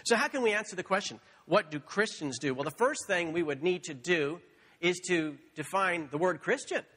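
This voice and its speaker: A man preaching a sermon as pastor, playful and animated, acting out animal sounds in a storytelling way. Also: high voice, normal speed, long reverb tail. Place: church sanctuary.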